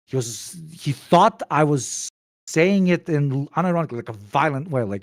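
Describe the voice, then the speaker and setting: A man's voice: fairly high pitch, animated, normal speed, dry recording, studio quality. A young man chatting on a stream, telling a story in a loose, rambling way with lots of swearing and fillers. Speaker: stream guest. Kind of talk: casual storytelling chat.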